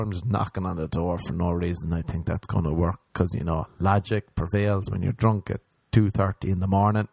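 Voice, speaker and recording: A man's voice: sits low, fairly even intonation, fairly quick, gravelly, hardly any pauses, a little mellow, slightly rough, no echo, studio quality. A young man casually telling a rambling, profane anecdote, acting out the other people's lines as he goes. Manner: profane, rambling, acts out quoted voices. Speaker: storyteller.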